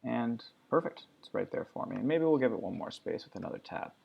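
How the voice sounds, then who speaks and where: Gravelly-voiced man walking through a tutorial. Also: mid-range voice, a little fast, highs cut off. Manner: relaxed step-by-step walkthrough talk. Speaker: teacher. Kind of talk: screen-recorded software tutorial.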